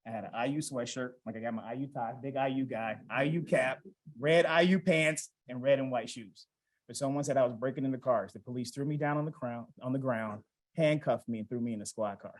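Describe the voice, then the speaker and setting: A man's voice: medium pitch, a little fast, rough recording. Man telling a personal story at a podium. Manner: conversational, retells family dialogue, asks the audience questions. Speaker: award recipient giving a speech. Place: event hall.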